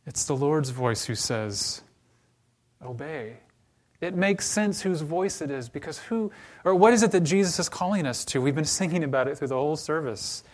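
A man's voice: on the high side, expressive. Man preaching a storytelling sermon. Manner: storytelling, then softer and slower toward the closing prayer. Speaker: pastor.

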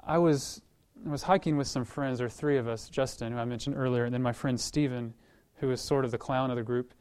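A male pastor preaching a sermon in a conversational way, telling a story with lively acted-out voices and repeating words as he restarts, then praying. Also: mid-range voice, fairly quick, clean tone. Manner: animated storytelling, acts out quoted voices.

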